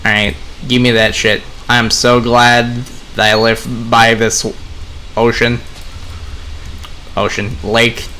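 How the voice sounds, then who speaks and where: A young man chats loosely to his audience while he plays, drifting between the game and his thoughts. His voice is bright and forward, with a middle pitch. He rambles in a relaxed, conversational way. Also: takes it slowly, a little hiss or hum. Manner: relaxed, rambling, talks to viewers. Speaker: gaming vlogger. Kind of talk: casual commentary while playing.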